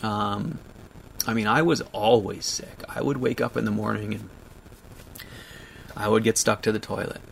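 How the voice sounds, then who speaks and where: A man in his thirties hosting a livestream, reading viewer comments aloud and talking through them, choked up and laughing through tears, with halting restarts. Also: on the low side, steady tone, creaky, a little hiss or hum. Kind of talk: emotional casual livestream chat.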